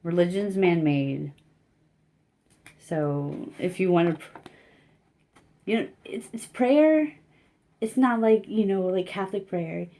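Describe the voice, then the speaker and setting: A woman giving a casual spiritual card reading, talking gently and haltingly with many fillers. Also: fairly low pitch.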